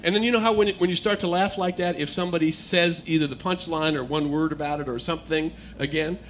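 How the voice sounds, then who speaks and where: Man telling a testimony, fairly high voice. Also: fast, slight background noise. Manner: storytelling, builds to animated excitement. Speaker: guest speaker. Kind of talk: personal testimony talk.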